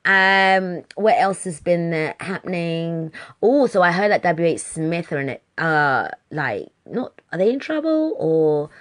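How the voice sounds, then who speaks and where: A woman's voice: fairly low pitch, big pitch swings, unhurried. A woman vlogging in a chatty, exasperated way, swearing freely as she tells a story. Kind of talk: casual monologue.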